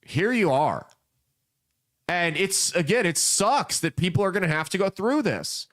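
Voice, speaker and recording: Higher-voiced man in blunt political commentary. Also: animated, moderate pace, fairly bright tone. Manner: folksy, emphatic storytelling. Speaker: podcast host.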